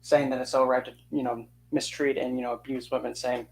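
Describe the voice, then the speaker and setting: A fired-up vlogger ranting in an indignant, sarcastic tone, voice pitched in the middle range. The speaker jumps between a frank, steady delivery and mocking little impressions of the people being criticized. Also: brisk, breathy edge. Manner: indignant, sarcastic, mocks others in quoted voices. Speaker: occult channel host. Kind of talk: ranting opinion monologue.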